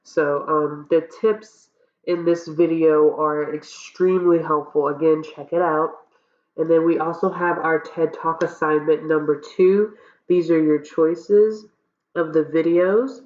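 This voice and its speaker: A woman's voice: low-pitched, steady tone, a little slow, a little mellow. A woman college instructor with a stuffy, cold-affected voice walks students through course assignments in a casual way, often checking in with "okay?". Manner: casual, checks in with frequent okays and ums. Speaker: college public speaking instructor. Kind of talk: recorded course walkthrough lecture. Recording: roomy, dull lo-fi recording.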